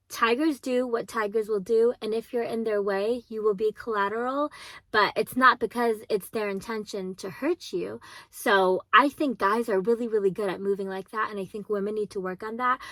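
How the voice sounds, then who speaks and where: Young woman vlogger, bright clear voice, fairly high, emphatic, repeats herself, dry close sound. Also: dry recording. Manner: emphatic, repeats phrases, swears casually. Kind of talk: casual advice monologue.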